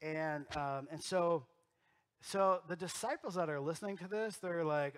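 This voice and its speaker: In a church sanctuary, a middle-aged male pastor delivers a storytelling sermon at a measured pace, his voice high for a man, bright, forward, clear, and resonant. He moves between punchy, loud emphasis and soft, intimate asides.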